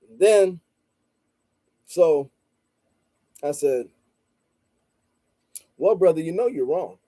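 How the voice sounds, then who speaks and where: Rambling man with a mellow voice. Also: a little high, no room sound. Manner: rambling, peppered with "you know" and "blah, blah"; calm and measured, stresses listening before responding. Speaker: channel host and street vendor. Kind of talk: casual storytelling monologue.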